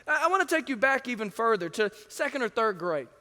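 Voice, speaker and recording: A male pastor with a very high, bright voice delivers a sermon full of stories. He tells them in a lively way and drops into the voices of others. The sound carries a long reverb from the church sanctuary. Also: fast talker. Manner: lively storytelling, acts out quoted voices. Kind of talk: sermon with anecdotes.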